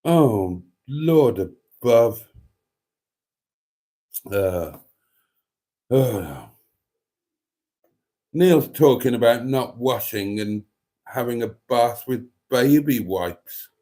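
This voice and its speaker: A man's voice: mid-range voice, animated, extremely slow, pauses often, warm tone. A man hosting a livestream, reading viewer comments aloud with groaning asides and bits of sung song lyrics. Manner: reads chat aloud, sings snatches of songs, groans and mutters asides. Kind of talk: casual livestream chat.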